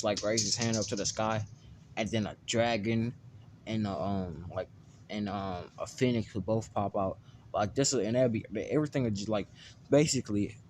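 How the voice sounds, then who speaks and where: A man's voice: on the low side, darkish tone, slight background noise. Rambling man telling a fan story. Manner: rambling, full of fillers and restarts.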